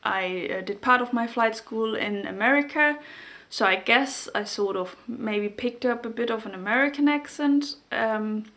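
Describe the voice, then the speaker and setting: Halting woman with a German accent. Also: a little high, a bit bright. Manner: halting, searches for words. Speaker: knitting podcast host. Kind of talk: casual chat to camera.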